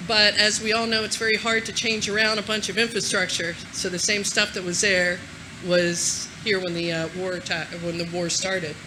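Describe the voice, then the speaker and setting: A woman giving a casual, energetic conference talk to a live audience, swearing freely. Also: medium pitch, moderate pace, noisy background. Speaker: conference speaker.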